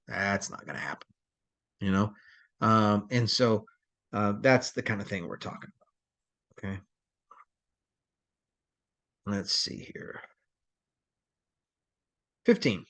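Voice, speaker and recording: A man with a lowish voice delivers a crisis response training lecture in a loose, conversational, rambling style, full of fillers and restarts.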